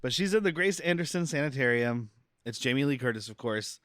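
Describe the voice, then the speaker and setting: A man's voice: mid-range voice, brisk, no echo. Dry-voiced man wryly recapping a movie. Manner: relaxed, wry recapping of a film plot. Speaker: podcast co-host. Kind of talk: casual chat.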